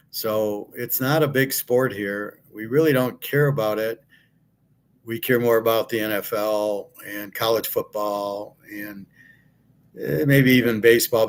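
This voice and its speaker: An American man hosting his own show, talking casually and bluntly in a rambling monologue full of fillers. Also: mid-range voice. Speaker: sports betting handicapper and host. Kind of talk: casual monologue answering a viewer question.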